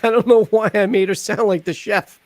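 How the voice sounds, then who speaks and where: High-voiced joking man hosting. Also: steady tone, fairly quick, a little mellow, slight background noise. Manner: joking, rambling, many fillers. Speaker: host. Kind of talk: casual live-stream chat.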